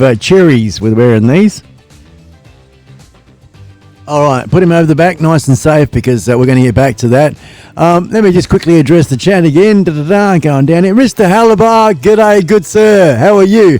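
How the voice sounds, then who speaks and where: An Australian man hosting a casual live stream from his home studio, rambling and excitable, with whoops and laughs. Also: fairly high pitch, no room sound. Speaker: livestream host.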